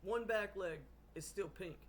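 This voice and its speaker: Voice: medium pitch, a little slow, slight background noise. A person telling a long joke in a storytelling manner, acting out characters along the way. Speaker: joke teller.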